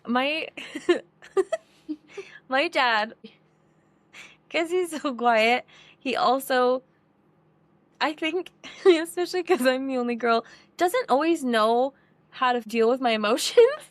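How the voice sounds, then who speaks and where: A young podcast co-host with a high, expressive voice speaks slowly and pauses often, recorded dry. She chats casually, laughing a lot as she recounts family moments.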